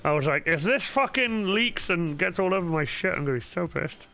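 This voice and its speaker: Lively, foul-mouthed guy streaming. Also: high-pitched, a little fast, vocal fry. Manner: animated, swears constantly, mutters asides while working. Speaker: cosplay livestreamer. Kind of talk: casual livestream chat while painting. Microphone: studio microphone. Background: faint background music.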